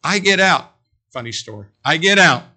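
A man preaching a sermon, telling a story in an animated way and speaking straight to his congregation. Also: a little high, moderate pace. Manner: animated, addresses the congregation directly.

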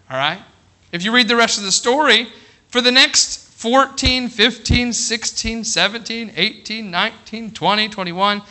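A high-pitched, middle-aged pastor preaches a sermon in an animated way, checking in with the congregation by asking "all right?"

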